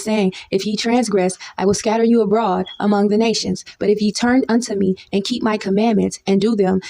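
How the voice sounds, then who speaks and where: Jeune prédicatrice, accent du Sud des États-Unis, ton familier, monte haut dans l'aigu quand elle insiste, ponctue de « okay ? ». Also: female voice, vocal fry. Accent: Southern US. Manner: lively, says "okay?" often, leaps high when stressing a point. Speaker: preacher. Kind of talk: informal Bible teaching.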